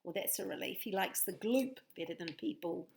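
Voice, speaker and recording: A woman's voice: mid-range voice, moderate pace, darkish tone, slight background noise. A woman reading a picture book aloud to children, playful and inviting them to join in. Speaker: storyteller.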